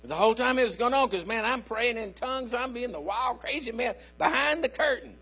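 A man's voice: extremely high pitch, animated, fairly quick, pushed and bright, slightly rough. An older man, a pastor, preaching a sermon in a folksy storytelling way and calling out to his listeners.

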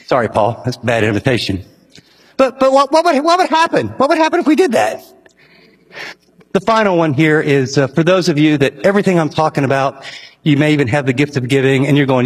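A man's voice: fairly high pitch, sing-song, brisk, breathy edge. A man preaching a sermon as a pastor, earnest and emphatic, building to urgent rising questions, in a church hall. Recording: echoey hall reverb.

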